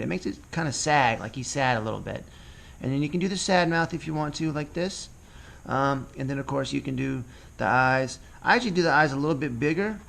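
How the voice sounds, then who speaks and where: A man's voice: on the high side, creaky. A man teaching children to draw cartoon faces, talking casually and ad-libbing as he sketches along. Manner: relaxed, ad-libbing as he draws. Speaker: drawing teacher. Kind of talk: casual drawing tutorial.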